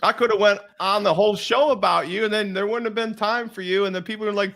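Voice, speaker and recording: A man's voice: high voice, a little fast, vocal fry, few pauses. A man hosting a show, telling a story with energy and acting out both sides of quoted conversations. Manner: animated storyteller, acts out quoted dialogue. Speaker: host.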